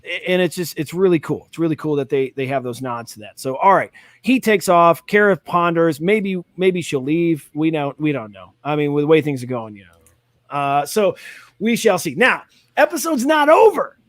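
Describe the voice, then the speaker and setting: A man's voice: on the high side, lively intonation, moderate pace, no room sound. Rambling, enthusiastic male host. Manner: rambling, enthusiastic, many fillers and restarts. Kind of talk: casual live reaction chat.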